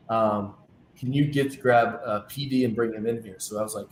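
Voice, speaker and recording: A man's voice: medium pitch, brisk, a little hiss or hum. A man, a team's travel director, telling stories in a casual interview and acting out the dialogue. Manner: animated anecdotes, acting out quoted dialogue. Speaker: team travel director, guest. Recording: echoey room with faint ambience.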